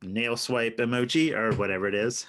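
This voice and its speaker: A man's voice: medium pitch, steady tone, normal speed, fairly bright tone. A middle-aged man and father co-hosting a podcast in casual chat, playful and self-mocking, laughing often.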